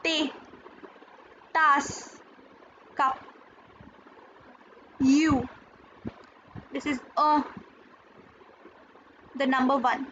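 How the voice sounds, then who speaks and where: A woman teaching a French lesson, slowly and patiently, repeating and spelling out words. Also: high-pitched, fairly even intonation, a bit bright. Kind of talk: slow classroom explanation. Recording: dull lo-fi video audio, faint hiss.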